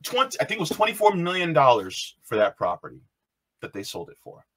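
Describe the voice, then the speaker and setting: Animated man telling a personal story. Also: fairly high pitch, fairly quick. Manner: animated, repeats phrases, quotes others in raised voice. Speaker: video host.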